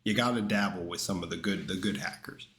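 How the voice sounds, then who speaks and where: A man's voice: deep voice, a little fast, a bit bright. A man chatting casually while reacting to a video, in a laid-back, rambling way full of slang and restarts.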